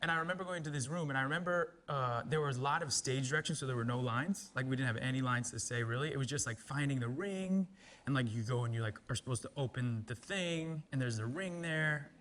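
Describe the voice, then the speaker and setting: A man telling an anecdote on a talk show, halting with stammered restarts and laughing as he goes. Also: medium pitch, a bit bright.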